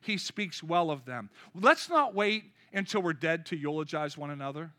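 A man in his fifties preaching a lively, joking sermon with call-and-response. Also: a little high, moderate pace. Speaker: pastor.

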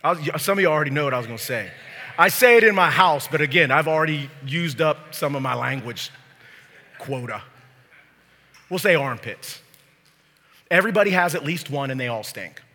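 A man's voice: a little high, moderate pace, long pauses. A man preaching a sermon as pastor in a church, joking with the crowd and speaking to them directly. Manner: lively, joking, talks straight to the crowd. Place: church sanctuary. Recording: long hall reverb.

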